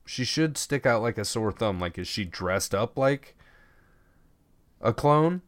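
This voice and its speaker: A man's voice: mid-range voice, lively intonation, slow, no room sound. A man co-hosting a podcast, chatting casually, cursing freely and retelling scenes with acted-out lines. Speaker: podcast co-host. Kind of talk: casual chat.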